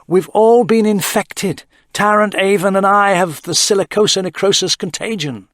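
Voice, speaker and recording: A man voicing an urgent, high woman crewmate. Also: moderate pace, fairly bright tone, no echo, clean studio sound. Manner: urgent, pleading. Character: woman crew member pleading under pressure.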